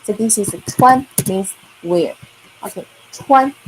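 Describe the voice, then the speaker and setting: Slow, patient woman teaching kids. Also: mid-range voice, slight background noise. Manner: slow, patient, repeats words for learners to echo. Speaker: Chinese teacher. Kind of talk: online kids' language lesson.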